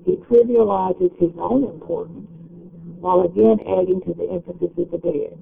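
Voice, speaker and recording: A man giving an explanatory lecture in a measured, step-by-step way. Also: high voice, steady tone, creaky, phone-quality sound, slight background noise.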